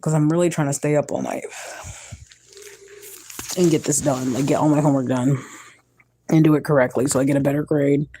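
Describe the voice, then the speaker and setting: A tired young woman talks straight to her own camera in a loose, rambling vlog. She is candid and chatty, drifting between everyday thoughts, and her voice rises high whenever she grows emotional. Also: fairly even intonation, a little fast, long pauses, warm tone, slight background noise. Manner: rambling, emotional, candid, swings to a high pitch when moved. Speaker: mother vlogging her day. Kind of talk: casual vlog chat.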